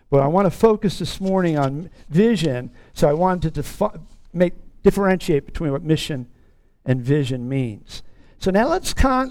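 A man's voice: on the high side, darkish tone, no room sound. A man preaching a sermon as pastor of his church, teaching earnestly and repeating key phrases for emphasis.

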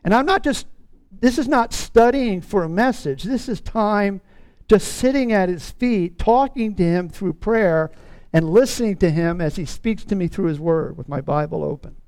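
A middle-aged man preaching a sermon in an earnest tone, stretching out key words slowly for emphasis. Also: sits high, lively intonation, a little mellow, clean tone, no echo. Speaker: pastor.

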